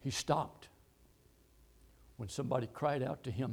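A man preaching a sermon, quoting scripture and repeating phrases, swinging between loud, high exhortation and low, quiet telling. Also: moderate pace, creaky, long pauses, slightly rough. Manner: reads and quotes scripture verses.

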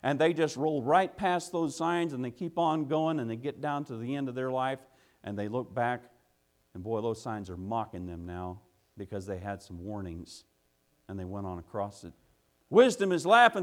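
A man preaching a sermon, telling a folksy work story that builds into loud, urgent preaching. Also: medium pitch, normal speed.

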